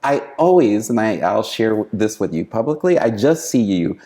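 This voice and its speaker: A man's voice: fairly low pitch, sing-song, normal speed, mellow. A man from Haiti, a guest in a conversational interview, talking earnestly and encouragingly with frequent restarts and repeated words.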